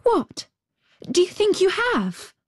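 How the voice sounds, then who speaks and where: A woman voicing an eager, anxious little girl in a storybook reading, with high, breathless exclamations. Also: animated, slow, a little mellow, no room sound, clean studio sound, heavily acted.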